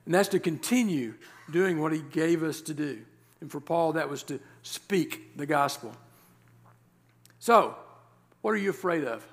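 Emphatic preaching man, somewhat high voice. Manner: reads scripture aloud, then explains with rhetorical questions; emphatic, slows down to stress key words. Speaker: pastor. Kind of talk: sermon.

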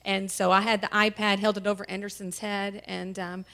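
A woman telling her family's story as a church testimony, tearful and halting, with many pauses and fillers. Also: mid-range voice, level tone, bright, forceful tone. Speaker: mother sharing a testimony. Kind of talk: emotional personal testimony. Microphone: handheld microphone.

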